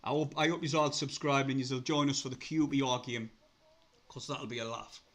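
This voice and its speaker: A young man with a Sunderland accent, hosting a casual live stream, chatty, laughing often, swearing and getting excitable. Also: mid-range voice, normal speed. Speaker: livestream host.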